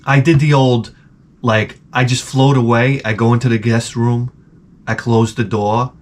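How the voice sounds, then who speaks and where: A man telling a rambling, profane comic story with deadpan asides, as a vlogger. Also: medium pitch, unhurried, background noise.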